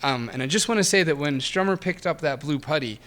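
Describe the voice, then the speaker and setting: A man's voice: fairly high pitch, animated, brisk, a bit bright. A man co-hosting a retro game podcast, chatting casually with frequent laughs and restarts. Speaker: podcast co-host. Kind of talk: casual chat reviewing a game.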